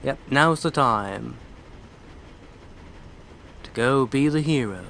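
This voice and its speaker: A man's voice: mid-range voice, slow pace, gravelly, fairly bright tone, a little hiss or hum. A man commenting casually on a video game he is playing, with sarcastic, irreverent asides. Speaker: let's play commentator.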